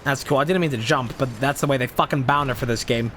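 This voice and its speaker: A man's voice: medium pitch, fast, fairly bright tone, slight background noise. A man streaming a video game, ranting at enemies in a profane, exasperated way and sounding frustrated. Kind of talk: live gameplay commentary.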